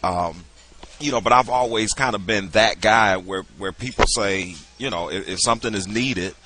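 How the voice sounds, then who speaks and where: A man's voice: fairly low pitch, moderate pace, very noisy. A middle-aged man, a musician and producer, chatting as a podcast guest and telling stories loosely, full of "you know" fillers. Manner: relaxed storyteller, many "you know" fillers. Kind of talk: casual interview chat.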